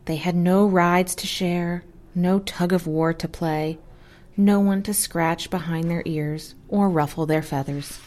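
A young woman reading a children's storybook aloud, with slow, expressive and animated narration. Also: lowish voice. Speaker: storybook reader.

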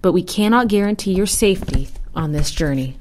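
A woman's voice: lowish voice, expressive, fairly quick, a little mellow, a little hiss or hum, natural voice. A woman voicing a pair of doubtful geese who scold and warn. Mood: skeptical, scolding. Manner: scolding and skeptical. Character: two sensible, doubtful geese.

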